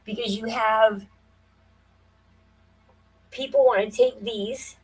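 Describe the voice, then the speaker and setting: A woman in her forties hosting a casual livestream, thinking aloud with many fillers and breaking into quick, emphatic, conspiratorial bursts. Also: on the high side, steady tone, husky, rough recording. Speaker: livestream host.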